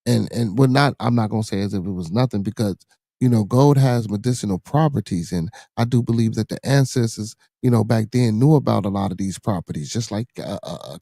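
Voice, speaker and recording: Chicago man host, loose profane rambling talk, warm tone, dry mic. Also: medium pitch, a little fast, dry recording. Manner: loose, profane, repeats himself, many restarts. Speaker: podcast host reading viewer comments. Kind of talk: casual livestream chat.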